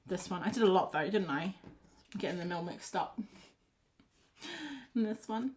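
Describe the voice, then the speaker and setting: A woman's voice: mid-range voice, animated, measured pace, long pauses, darkish tone, slight background noise. A woman chatting casually to her viewers while painting at her home art desk, rambling and restarting her sentences often. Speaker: art livestreamer.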